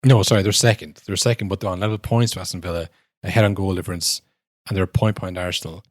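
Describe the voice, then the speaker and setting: A man's voice: low-pitched, quick pace, no echo, studio quality. A man, co-hosting a casual football podcast and acting out referees and players as he argues. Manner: animated, acts out quoted referees and players. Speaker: podcast co-host.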